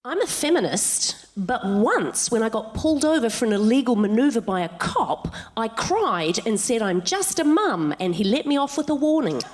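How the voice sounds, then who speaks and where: A woman comedian guest telling animated comic stories on a live stage, squealing into high voices when she quotes herself. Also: normal speed, few pauses.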